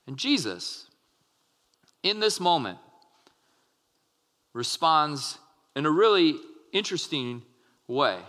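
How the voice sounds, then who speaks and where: A man's voice: fairly high pitch, sing-song, slow pace, pauses often, bright, forceful tone. A man, a pastor, preaching earnestly to his congregation, restarting phrases as he explains and acts out short quotes. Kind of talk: sermon. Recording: long hall reverb.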